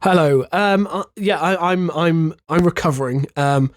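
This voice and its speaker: A man's voice: fairly high pitch, unhurried. A man co-hosting a podcast, congested and nasal from a virus, talking hesitantly. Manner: hesitant, many fillers and restarts. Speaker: podcast co-host. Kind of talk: casual chat.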